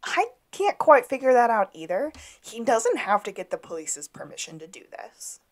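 A woman co-hosting a podcast who recaps TV episode scenes in a relaxed, wry, casual way. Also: fairly high pitch, moderate pace. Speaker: podcast co-host.

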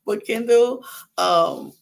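A woman's voice: a little high, slow, vocal fry. A woman hosting a podcast, giving a casual gossipy recap of a reality show, chatty and laughing often. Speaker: podcast host.

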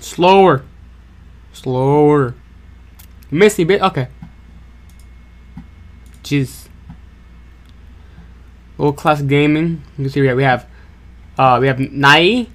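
A young man hosting a gaming channel, giving excitable, jokey play-by-play commentary with stammered repeats and sudden yelps. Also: on the high side. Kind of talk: casual gameplay commentary.

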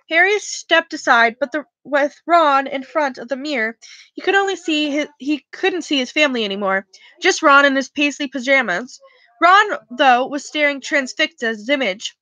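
A woman reads a novel aloud in a casual, unpolished way, stumbling and restarting now and then. Her voice is high and bright. The sound is close and dry. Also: expressive, moderate pace, no room sound, rough recording. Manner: casual reading with slips and restarts. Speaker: reader.

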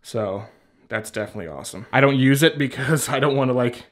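A man's voice: mid-range voice, a little fast. Chatty rambling man vlogging at home. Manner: rambling, chatty, swears casually, laughs often. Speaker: beard care vlogger. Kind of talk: casual product show-and-tell. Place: at home by a shelf. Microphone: handheld camera at arm's length.

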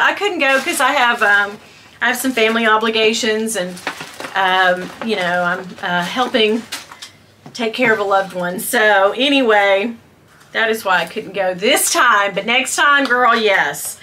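Casting: woman in her fifties, bright, animated voice, haul vlogger gushing over gifts. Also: fairly high pitch, slight background noise. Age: 50s. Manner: gushing, squeals and gasps with delight, talks to viewers as girl and y'all. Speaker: beauty and fashion vlogger. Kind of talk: excited haul video chat.

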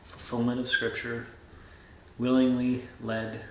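Pastor guy reading scripture then musing on it, measured, goes soft and low, roomy echo, faint hiss behind. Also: completely flat delivery. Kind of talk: scripture reading and short devotional.

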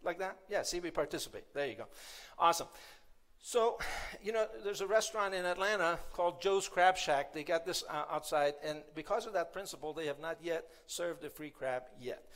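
Man, high voice, keynote speaker, motivational talk, conversational, playful. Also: a little fast, fairly bright tone. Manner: conversational, playful, asks the audience.

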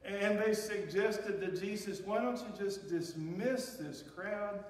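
A male pastor delivers a sermon, pushing his voice up for emphasis and then dropping low. His fairly high voice is picked up from a distance. It rings through a large, reverberant sanctuary with a long tail. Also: takes it slowly. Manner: preaching with emphatic rises and drops. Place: church sanctuary. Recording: echoey hall, voice from far off.

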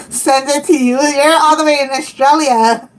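A woman's voice: high voice, fairly even intonation, slow pace. A woman chatting casually on a live stream, giggling often and talking to her viewers. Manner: giggly, chatty, laughs often and reads chat aloud. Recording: distant mic with faint background noise.

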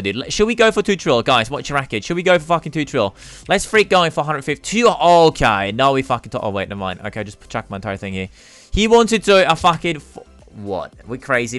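A man with a smooth, clear, mid-pitched voice narrates his gameplay in excited, profanity-laced bursts. He cheers loudly on wins and drops into low groans on losses. Soft game music plays underneath. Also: no echo. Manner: hyped, swears a lot, swings from yelling to groaning. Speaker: gaming YouTuber.

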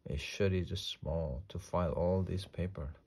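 A man reading a storybook, voicing a cheerful, literal-minded housemaid in a slow, earnest tone. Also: deep voice, steady tone, a little mellow, slightly rough.

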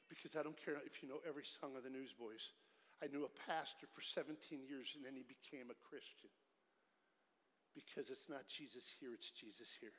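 A middle-aged man giving a lively, joking evangelistic sermon at a church concert, swinging from loud storytelling to hushed pleading. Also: medium pitch. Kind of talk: energetic evangelistic sermon with jokes. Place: large church concert hall. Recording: live church hall with long reverb.

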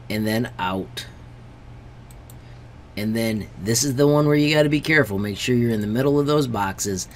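A man's voice: medium pitch, a little hiss or hum. A man, a teacher, walking through a screen-recorded tutorial step by step, friendly and stressing warnings. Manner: friendly, repeatedly says friends.

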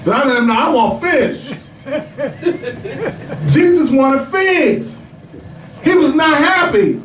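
A man preaching a sermon, telling stories with animated shouts and laughter. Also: very high voice, slow pace, echoey room, far from the mic, a crowd in the background, rough recording. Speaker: pastor.

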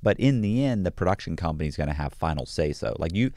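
A man talking bluntly in a casual podcast conversation, animated and acting out other people as he explains. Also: sits low, quick pace, dry recording, studio quality. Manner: blunt and animated, acts out quoted voices. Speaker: guest, true crime author.

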